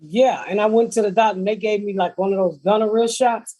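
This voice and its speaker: A woman's voice: medium pitch, brisk, mellow. A middle-aged woman hosting a podcast, telling blunt, profane comedic stories in casual chat.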